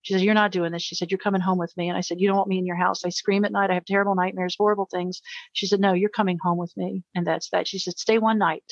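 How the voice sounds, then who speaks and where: A woman's voice: fairly low pitch, level tone, fast, dry recording, dull audio. A middle-aged American woman, a guest in an interview, telling a personal story with earnest emotion and frequent repetition.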